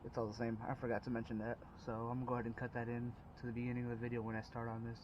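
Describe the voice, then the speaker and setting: A man's voice: medium pitch, monotone, very fast, lo-fi sound, noisy background. Rambling man fixing his car. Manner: rambling, informal, with frequent fillers and restarts. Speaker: DIY car repair vlogger. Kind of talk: casual how-to narration. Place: outdoors working under a car at night.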